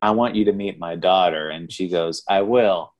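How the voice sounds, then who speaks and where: A man with a notably low voice co-hosts a casual film podcast. He talks loosely, circling back with fillers and restarts as he recalls scenes. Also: steady tone, normal speed, lo-fi sound, slight background noise. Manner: rambling, many fillers and restarts. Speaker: podcast co-host. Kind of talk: casual movie review chat.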